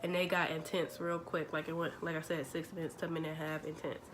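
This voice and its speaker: A young woman, telling a story to her vlog audience in a chatty, animated way, acting out the dialogue. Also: low-pitched, fast talker, music in the background. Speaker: vlogger. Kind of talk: casual storytelling.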